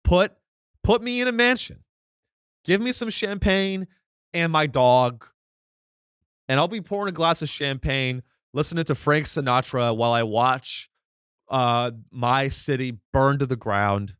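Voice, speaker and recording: A man's voice: mid-range voice, lively intonation, unhurried, fairly bright tone, clear, resonant tone, dry recording, clean studio sound. A man hosting a comedy podcast, delivering a mock-outraged, ironic rant full of restarts and rhetorical questions.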